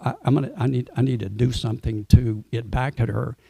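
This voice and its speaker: A man's voice: medium pitch, steady tone, brisk, vocal fry, warm tone, husky. A man voicing a hungry, naughty little boy within a sermon story, in his own plain voice. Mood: musing. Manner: plain quoted musing in the storyteller's voice.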